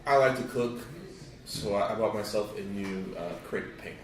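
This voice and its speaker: A man co-hosting a podcast in casual chat, expressive and opinionated, laughing easily. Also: on the low side, normal speed, reverberant, far from the mic, a crowd in the background, rough recording. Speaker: podcast co-host.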